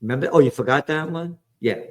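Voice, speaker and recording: A man's voice: a little high, fast talker. A man from the Bronx, hosting ranting political commentary in a profane, sarcastic, heated way, jumping from topic to topic. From the Bronx, New York. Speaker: commentator and host.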